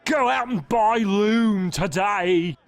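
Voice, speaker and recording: An actor playing a chatty pirate who gushes a salesy pitch in a video game. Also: male voice, takes it slowly, no echo, soft background music. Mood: gushing.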